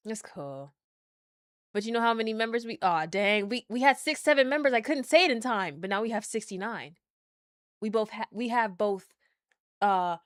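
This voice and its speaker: A woman gaming streamer talking casually and excitably with her live chat. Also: medium pitch, smooth, no room sound, clean studio sound. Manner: excitable, chatty, talks to chat.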